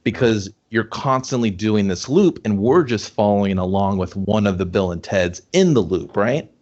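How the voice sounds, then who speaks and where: Low-voiced man picking apart a plot. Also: lively intonation, moderate pace, darkish tone. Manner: rambling, picks apart plot logic, frequent restarts. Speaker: co-host. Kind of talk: casual movie review chat. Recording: dull lo-fi audio.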